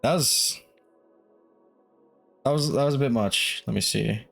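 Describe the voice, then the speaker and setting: A man's voice: mid-range voice, unhurried, vocal fry, a bit bright, faint music behind. A man streaming a game live, talking through it with constant swearing and panicky outbursts. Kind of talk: live gameplay commentary.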